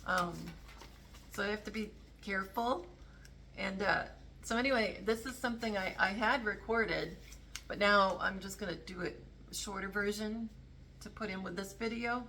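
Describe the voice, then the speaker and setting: A woman's voice: medium pitch, normal speed, pushed and bright, slight background noise. A woman talking casually to camera about politics, rambling and correcting herself as she goes. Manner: rambling, self-interrupting, earnest. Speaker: political commentary vlogger.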